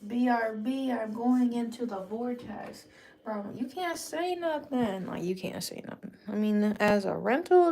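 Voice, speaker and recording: Woman with a gravelly, frank voice. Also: medium pitch, lively intonation, measured pace, warm tone. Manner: rambling, frank, swears casually. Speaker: livestream host. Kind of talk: casual livestream chat. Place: dim room in a rental home.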